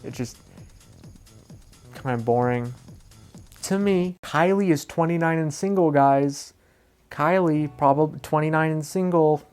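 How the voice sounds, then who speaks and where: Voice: medium pitch, measured pace, pauses often, darkish tone, soft background music. A vlogger giving casual reaction commentary in a rambling, sarcastic way, swearing freely and mocking himself as he goes. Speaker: commentary YouTuber.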